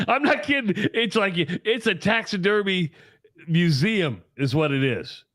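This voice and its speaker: A man's voice: sits high, lively intonation, measured pace, fairly bright tone, no echo, studio quality. A man co-hosting a casual call-in radio show, chatty and laughing often as he tells stories.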